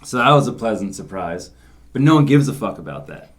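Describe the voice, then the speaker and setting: A man's voice: lowish voice, sing-song, fairly quick. A man hosting a podcast, chatting casually and joking with two friends. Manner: jokey, laughs often. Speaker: podcast host. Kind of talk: casual chat.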